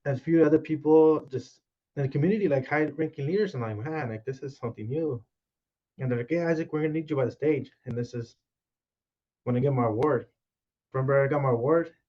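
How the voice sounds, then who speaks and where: A man's voice: mid-range voice, fast. Man telling his story, lo-fi sound. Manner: animated retelling with quoted dialogue. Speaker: podcast guest. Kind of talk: storytelling in casual conversation. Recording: dull, lo-fi sound.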